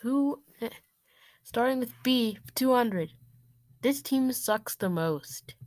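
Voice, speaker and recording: Slow-talking woman hosting a mock quiz. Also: a little high, lively intonation, darkish tone. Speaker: host of a mock quiz show. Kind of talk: comedic sketch, one person playing all contestants.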